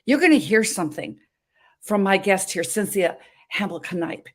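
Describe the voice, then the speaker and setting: A woman's voice: mid-range voice, animated, moderate pace. A woman in her seventies hosting a talk show, telling a story in an emphatic, dramatic way from a hotel room. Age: 70s. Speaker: show host.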